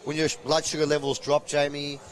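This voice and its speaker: A man hosting live pool commentary from a commentary box, chatty and playful, with shout-outs to viewers. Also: on the high side, monotone, a little fast.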